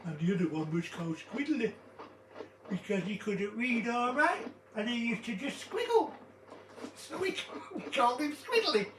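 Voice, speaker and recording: A man's voice: very high voice, very animated, normal speed, a bit bright. An older man chatting in a rambling, jokey way while he plays a game. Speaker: gaming video host. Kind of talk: casual chat while playing. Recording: roomy, distant mic, noisy background.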